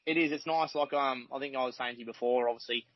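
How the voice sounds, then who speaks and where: A man's voice: medium pitch, steady tone, fast, no echo. Australian man, podcast guest; rambling, cussing yarns; dry, slightly muffled sound. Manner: rambling, swears casually, laughs often. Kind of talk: casual chat.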